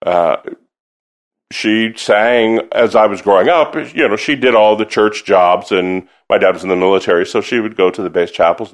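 Lively, storytelling male singer, lowish voice. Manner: animated, acts out quoted voices, laughs often. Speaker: singer and musician, interview guest. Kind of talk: casual storytelling interview.

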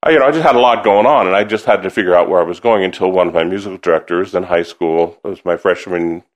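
Lively, storytelling male singer, lowish voice. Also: fast. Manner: animated, acts out quoted voices, laughs often. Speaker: singer and musician, interview guest. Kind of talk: casual storytelling interview.

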